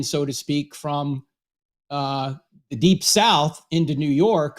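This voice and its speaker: Wry, questioning man with a higher voice. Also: darkish tone. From New Jersey. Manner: wry, questioning, with self-deprecating jokes. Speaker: show host. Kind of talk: casual conversation.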